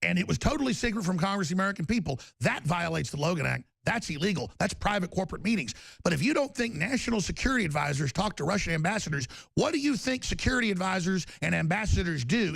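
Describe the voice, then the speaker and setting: A man hosting a political talk show, ranting in a fast, angry way. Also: high voice, gravelly, fairly bright tone, no echo.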